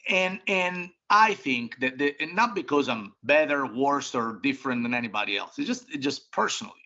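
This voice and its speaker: A man's voice: medium pitch, lively intonation, normal speed, pushed and bright. A middle-aged man, a restaurant company boss, answering interview questions bluntly at home, with emphatic restarts and some casual swearing. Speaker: restaurant group CEO, interview guest. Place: home office. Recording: dull lo-fi sound.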